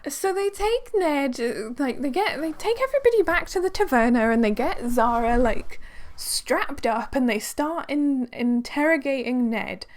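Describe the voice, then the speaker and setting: A woman's voice: high voice, lively intonation, a little slow. Chatty sarcastic young woman reviewing a book. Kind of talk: casual book review vlog.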